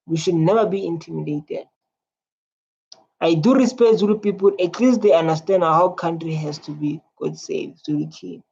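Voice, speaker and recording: A man's voice: a little high, normal speed, vocal fry, a little mellow, slightly rough, dull audio. A man hosting a reaction video, reading out viewer comments and repeating himself as he muses. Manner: repetitive, reads viewer comments aloud.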